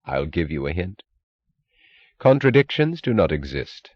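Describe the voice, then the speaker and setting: A man reading the lines of a guarded, aloof wealthy man who speaks low and terse, recorded with a dull, dry sound. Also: sing-song, a little slow, no room sound, full character voice. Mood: cryptic.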